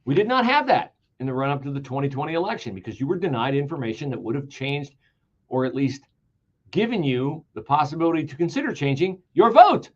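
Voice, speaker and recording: A male commentator with a very lively, swooping pitch who drives his points home with repetition and sarcasm. He jumps from loud outbursts to hushed, mocking asides. The stream audio sounds a little dull. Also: fairly quick. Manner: emphatic, sarcastic, repeats key words for stress; swings between loud outbursts and mocking whispers. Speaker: political commentary host. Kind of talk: solo political commentary stream.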